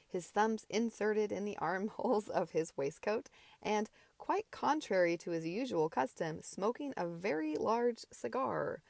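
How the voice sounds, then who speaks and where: A woman reading a novel aloud as an amateur audiobook, in a relaxed, unpolished manner. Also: mid-range voice, creaky, dry recording. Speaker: audiobook reader.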